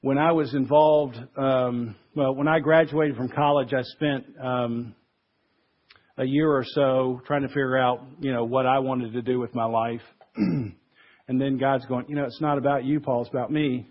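A man's voice: medium pitch, fairly even intonation, normal speed, highs cut off. A man preaching a conversational sermon as pastor, acting out the voices he quotes.

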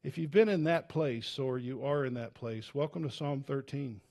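A man preaching a sermon as a pastor, earnest and conversational, swinging from loud urgency to hushed, low tones, with frequent restarts. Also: moderate pace. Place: church.

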